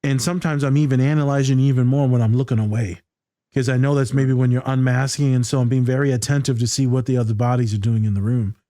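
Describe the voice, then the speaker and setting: A man's voice: mid-range voice, fairly even intonation, fast talker, dark tone, no echo, studio quality. A man hosting a casual podcast conversation, blunt and loose, swearing freely. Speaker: podcast host.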